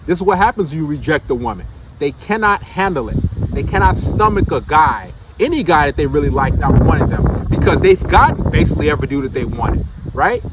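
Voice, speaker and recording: Guy with a high voice ranting about dating, blunt, keeps asking "right?", faint traffic hum behind. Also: animated, fairly quick. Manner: blunt, emphatic, rhetorical questions. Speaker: dating commentator. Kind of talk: casual monologue commentary.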